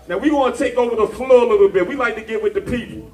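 A man working as the MC of a live rap and dance battle, shouting call-and-response chants and sing-song hype lines to a bar crowd. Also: very high-pitched, racing. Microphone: handheld stage mic through PA. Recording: echoey live room, far from mic, loud music and crowd. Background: DJ music and cheering crowd.

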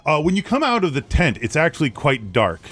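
Brief: man running a tabletop game, halting and animated. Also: fairly high pitch, slight background noise. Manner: halting, restarting narration. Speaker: game master.

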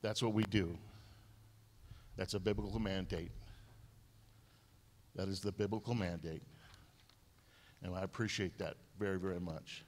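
A man with a somewhat low voice gives a eulogy at a memorial service. He tells stories, repeating phrases and restarting his sentences. His voice rings out with a long reverb in a church hall. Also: steady tone, measured pace, long pauses, a little mellow, slight background noise. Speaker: eulogy speaker.

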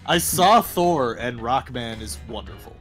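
A man's voice: mid-range voice, lively intonation, unhurried, over music. A man co-hosting a game stream, laughing and chiming in with agreeable asides. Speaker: stream co-host. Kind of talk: casual game-stream banter.

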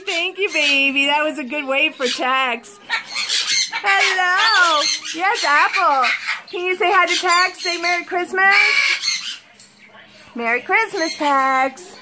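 A woman's voice: very high voice, heavy background noise. A woman keeper talking in sing-song baby talk to her pet birds in an indoor bird room, coaxing them to say hello. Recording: loud bird squawks around her. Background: birds squawking and chattering.

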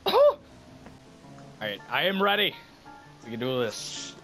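A man playing a video game with friends, loud and swearing, yelling and laughing in disbelief at the chaos. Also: medium pitch, wildly swooping pitch, unhurried, faint music behind, low-quality recording. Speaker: gamer. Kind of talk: chaotic gaming commentary with friends.

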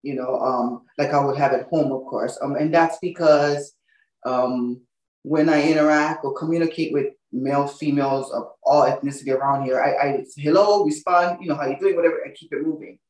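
A woman's voice: sits low, moderate pace. A woman from Hawaii with a Hawaiian Pidgin accent, talking casually as a guest in an interview. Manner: relaxed, repeats "you know what I mean". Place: now living in Texas. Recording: roomy, distant from the mic.

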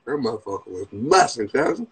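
Speaking a little fast with a breathy edge, a young man from the Washington DC area rambles to his livestream viewers over the phone. He's foul-mouthed and amped up, jumping into high, yelped quotes.

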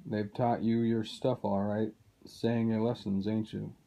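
A man reading aloud, voicing a surly, sneering male dwarf who distrusts everyone, drawling slowly. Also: fairly low pitch, level tone, vocal fry, mellow, muffled recording.

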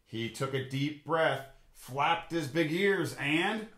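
A man reads a picture book aloud to a class of children, slow and unhurried. His voice is bright, and it rings in an echoey room. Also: a little high. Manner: animated, voices the animals with big roars and quacks. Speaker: teacher reading to a class. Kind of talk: storybook read-aloud for children.

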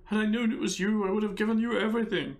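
A man's voice: high-pitched, fairly even intonation, quick pace, voice pushed up. A man voicing a proud, fearful young male novice monk with a strained, raised voice. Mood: desperate.

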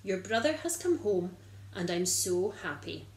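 A woman voicing a loving father in a children's Bible story, calling out gladly in a raised, bright voice. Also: mid-range voice, very animated, measured pace, reverberant, poor audio. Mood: tender. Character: overjoyed loving farmer father, middle-aged man. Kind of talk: storybook reading.

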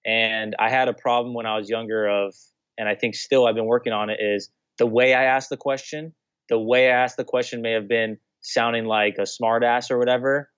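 A man's voice: medium pitch, level tone, brisk, fairly bright tone, smooth, no room sound. Young male guest, casual storyteller, restarts often, muffled lo-fi sound. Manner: rambling, many restarts and "you know". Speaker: guest, former pro baseball player. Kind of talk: casual conversational interview.

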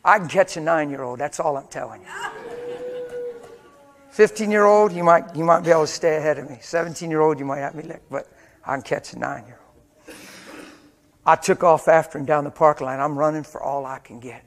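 Older man, slightly high-pitched preacher; tells stories in a sermon, moving between hushed intensity and loud fervor. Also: brisk, pauses often. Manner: swings from hushed whispers to loud, fervent preaching. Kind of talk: storytelling sermon. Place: church or meeting hall before a live audience.

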